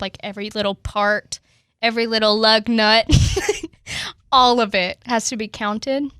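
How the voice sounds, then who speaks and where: Upbeat young woman co-host, crisp bright tone, fairly high voice, dry close sound. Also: no room sound. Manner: chatty, upbeat, laughs easily. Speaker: podcast co-host. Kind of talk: casual chat.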